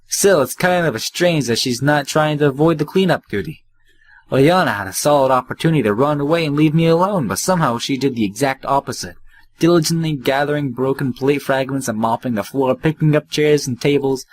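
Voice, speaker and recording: Dude reading out a visual novel, dry jokey asides, average pitch. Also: male voice, brisk. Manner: wry, offhand commentary. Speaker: let's play host. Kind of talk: reading game text aloud with joking asides.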